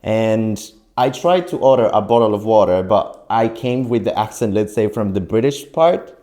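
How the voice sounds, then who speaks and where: Young man from Mexico, Spanish native, lower voice, upbeat storytelling guest. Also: normal speed. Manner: lively storyteller, laughs often. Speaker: podcast guest. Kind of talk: casual chat.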